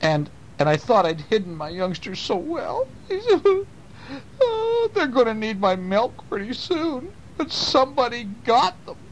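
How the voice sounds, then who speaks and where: A man reading a bedtime story, voicing a frantic mother raccoon who is crying and pleading in a high, sobbing voice. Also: huge pitch swings, measured pace, a little hiss or hum, heavily acted, low-quality recording. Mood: distraught.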